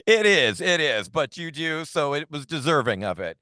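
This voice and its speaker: A man's voice: fairly high pitch, sing-song, normal speed, pushed and bright. A man from Southern California hosting a casual interview, upbeat and laughing often. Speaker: host.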